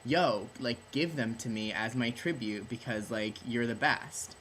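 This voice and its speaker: A man's voice: mid-range voice, measured pace, a bit bright, a little hiss or hum, close to an everyday voice. A tipsy man voicing a petulant middle-aged king who talks in casual slang and swears. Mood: bossy.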